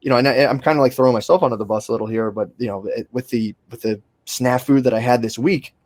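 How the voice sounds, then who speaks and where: A man's voice: mid-range voice, fast talker, darkish tone, no room sound. A young man in casual podcast conversation, rambling with restarts and fillers and swearing freely. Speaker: podcast host.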